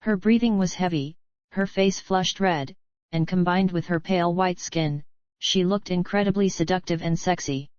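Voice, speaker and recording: A woman narrating a fantasy audiobook in a steady, even reading voice. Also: lowish voice, moderate pace, no echo. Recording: dull dry voice-over.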